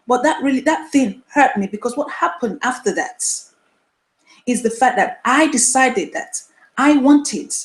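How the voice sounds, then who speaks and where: A woman's voice: sits high, roomy sound. A woman in her thirties from Nigeria, hosting her own online talk show and speaking earnestly and emphatically, often repeating phrases for stress. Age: 30s. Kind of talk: solo live-stream talk to viewers.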